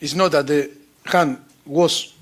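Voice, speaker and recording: Halting coach with a Spanish-speaking background. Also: male voice, a little high, a bit bright. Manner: halting non-native English, many pauses and restarts. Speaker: football coach at press conference. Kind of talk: press conference answer. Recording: played clip from press conference.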